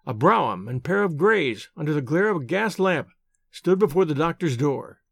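A man reading a story aloud as scripted narration, with expressive storytelling. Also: on the high side, normal speed, gravelly, no echo, clean studio sound. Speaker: audiobook reader.

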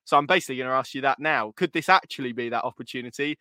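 A man's voice: medium pitch, very fast, sharp tone, dry recording, studio quality. A man hosting a football podcast, chatting casually and rambling, with lots of restarts and repeated words. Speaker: podcast host.

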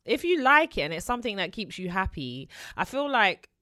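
An animated woman co-hosting a chatty podcast, her pitch leaping around as she tells a story and breaks into excited shrieks. Her voice is bright and lively, and the sound is dry and close. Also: fairly quick, dry recording. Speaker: podcast co-host. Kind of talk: casual chat.

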